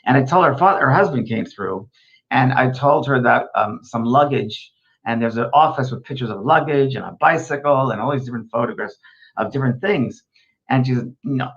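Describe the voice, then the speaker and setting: Brief: middle-aged male medium host on a live stream, chatty and affirming, mid-pitched, in a roomy echo and set back from the mic. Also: fairly bright tone. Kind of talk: live stream reading comments. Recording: echoey, distant, dull sound.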